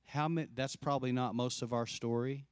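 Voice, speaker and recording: A man preaching a sermon as pastor, telling a story with lively acted-out quotes and dropping soft and slow to drive points home. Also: mid-range voice, clean tone, no echo, clean studio sound. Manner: animated storyteller, acts out quoted voices; drops soft and slow for emphasis.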